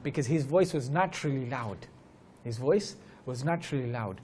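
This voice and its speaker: A man's voice: mid-range voice, animated, normal speed, a little mellow, husky. A man teaching at a religious gathering, telling stories earnestly, repeating key phrases, and reciting Arabic verses fluently in a religious lecture. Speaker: Islamic teacher giving a talk.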